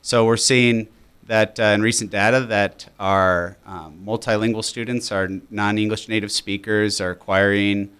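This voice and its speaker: A man's voice: on the low side, steady tone, normal speed, a bit bright, clear, resonant tone. A man, a teacher and program coordinator, explaining his school program as a radio guest, with many fillers.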